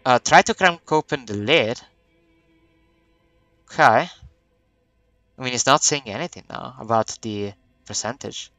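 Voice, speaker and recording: A man's voice: medium pitch, expressive, unhurried, gravelly, long pauses, sharp tone, no echo. A man playing a video game, reading its text aloud and thinking aloud in a hesitant, musing way. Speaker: let's play gamer.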